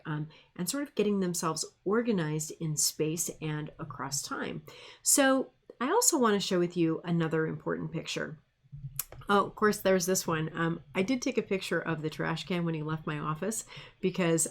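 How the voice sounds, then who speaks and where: Woman presenting in a lower voice. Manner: friendly, anecdotal, with frequent fillers. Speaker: speech and language pathologist. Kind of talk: presentation lecture.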